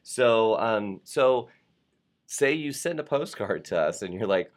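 A man's voice: fairly low pitch, expressive, slow pace. A man hosting a casual live talk show, chatting loosely and reading viewer postcards aloud.

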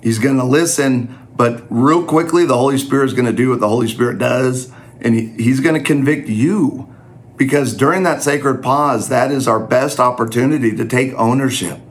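A man's voice: mid-range voice, moderate pace. A man teaching in a conversational sermon style, earnest and self-deprecating.

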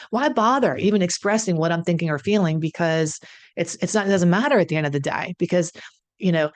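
A woman addiction consultant talking conversationally to her audience, often clearing her throat, her voice a little croaky. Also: fairly low pitch. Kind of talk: solo talk to camera.

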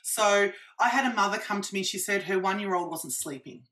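A woman practitioner, a guest in an interview, explaining her methods in an animated way with examples. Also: mid-range voice, a little fast.

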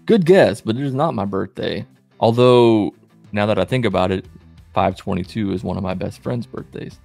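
A man in his late twenties telling stories in a wry, self-deprecating, animated way as a vlogger. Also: fairly low pitch, moderate pace, creaky, soft background music. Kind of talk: casual self-mocking storytelling.

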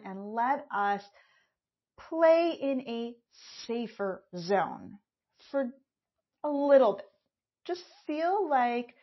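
Candid, animated woman podcast host. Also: on the high side, highs cut off. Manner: candid, animated, swears casually. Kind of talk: solo podcast talk.

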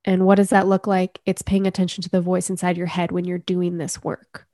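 A woman coach speaking as a podcast guest, earnest and measured as she talks about inner healing. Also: fairly low pitch, completely flat delivery, mellow, no echo, clean studio sound. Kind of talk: reflective conversational interview.

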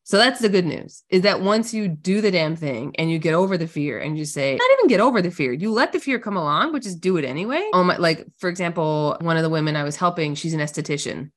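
A woman coach with a lowish voice talks through a podcast interview. She is upbeat and casual, full of "like" and "just do it". Her delivery is animated and chatty. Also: quick pace, hardly any pauses. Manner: energetic, casual, lots of "like", animated storytelling.

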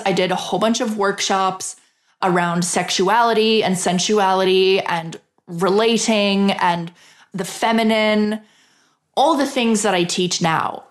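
A woman talks through her own story on her podcast. Her delivery is casual and confiding, peppered with "like" and the odd swear word, at a middling pitch. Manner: chatty and frank, swears freely, frequent "like" fillers. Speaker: podcast host.

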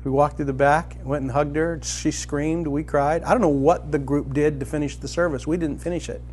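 Middle-aged guy preaching, gets loud and excited, kinda high voice, faint hum behind. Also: moderate pace. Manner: animated, rising to loud excited emphasis. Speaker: pastor. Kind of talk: sermon storytelling.

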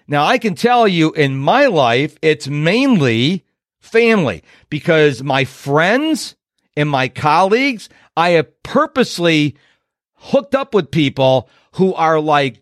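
A man's voice: fairly high pitch, big pitch swings, slow, no room sound, clean studio sound. A man in his fifties hosting a motivational podcast, talking in an emphatic, punchy way and acting out other people's voices. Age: 50s. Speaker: productivity coach and podcast host.

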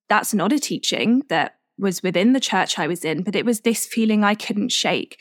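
A woman in her twenties hosting a podcast, telling a personal story in a candid, reflective, unhurried way. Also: medium pitch, no echo, studio quality. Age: 20s. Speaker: podcast host.

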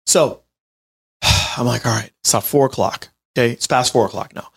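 A man in his late twenties telling a personal story in an animated, chatty way, talking straight to his listeners. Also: mid-range voice, moderate pace, vocal fry, slightly rough. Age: 20s. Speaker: healthcare business owner. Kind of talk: storytelling monologue to an audience.

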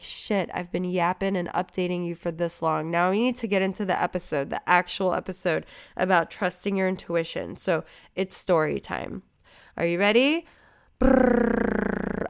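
Smooth low-voiced woman podcaster. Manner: chatty, profane, rambling asides. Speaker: podcast host. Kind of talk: casual solo podcast chat.

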